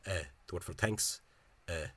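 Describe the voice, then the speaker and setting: A man explaining spelling in a casual, halting monologue. He is opinionated and often repeats words and fills gaps with hesitations. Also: low-pitched, fairly bright tone, slight background noise. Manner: opinionated, dismissive of official spelling. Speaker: language enthusiast explaining spelling.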